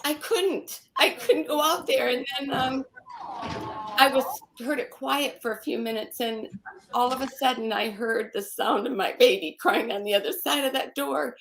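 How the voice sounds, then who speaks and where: A woman giving a halting, emotional personal testimony as a guest, often repeating her phrases and turning to scripture. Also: a little high, slight background noise. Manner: religious, recites scripture.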